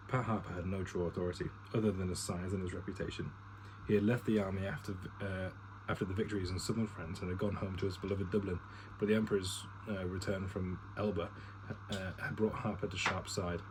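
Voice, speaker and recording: A man's voice: deep voice, level tone, fairly quick, noisy background. A man casually reading a novel aloud to his partner, stumbling on words, restarting and chatting in asides. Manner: stumbles, restarts and swears at misreadings.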